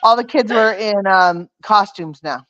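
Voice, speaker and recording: A woman hosts her livestream, chatting casually and telling rambling, meandering stories. Her voice is medium-pitched, a bit bright, and a little slow, with no echo, though the stream audio is dull, dry, and muffled.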